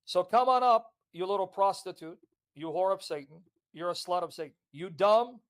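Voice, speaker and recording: A man's voice: sits high, lively intonation, moderate pace. A man delivering a hostile, insulting tirade on a livestream. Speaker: online commentator. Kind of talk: livestream rant.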